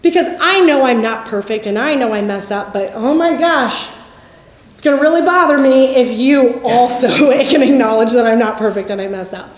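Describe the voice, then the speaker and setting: A middle-aged woman giving a candid Christian teaching talk, speaking conversationally and telling stories, often trailing off softly at the ends of thoughts. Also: a little high, brisk, few pauses, roomy sound.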